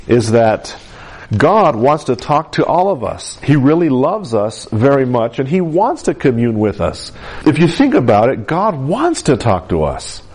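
A man's voice: medium pitch, a little mellow. A middle-aged man preaching a sermon in a conversational, storytelling way, with frequent fillers. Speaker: pastor.

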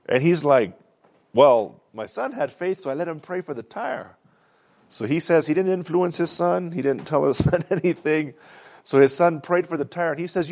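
A pastor preaches a conversational sermon in a highish, animated, slightly mellow voice with vocal fry, at a moderate pace. He tells stories and keeps asking "amen?" along the way.

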